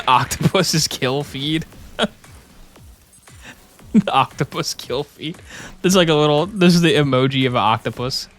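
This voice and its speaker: A man's voice: a little high, a little slow, pauses often, fairly bright tone, soft background music. A young man joking and rambling through casual commentary while streaming a game. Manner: joking, rambling, playful asides.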